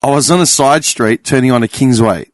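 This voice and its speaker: A man's voice: medium pitch, fairly quick, no room sound, clean studio sound. An Australian man on a podcast panel, telling a story and acting out both sides of a row, swearing freely. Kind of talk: casual chat.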